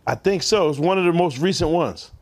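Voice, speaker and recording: A man hosting a casual podcast, joking loudly in heavy slang and often laughing as he talks. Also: a little high, lively intonation, brisk. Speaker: podcast host.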